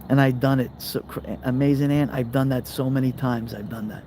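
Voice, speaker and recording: A man's voice: mid-range voice, level tone, a little fast, a little mellow, a little hiss or hum. A middle-aged man, hosting a casual live chat and telling rambling stories that act out the people he quotes while answering viewer comments. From New York. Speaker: live-stream host.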